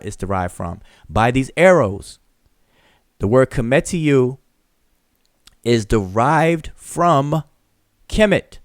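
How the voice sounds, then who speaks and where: A man's voice: mid-range voice, dry recording, clean studio sound. A man hosting a live open discussion and teaching, who is emphatic, repeats his points to drive them home, and explains step by step with examples. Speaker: teacher and channel host.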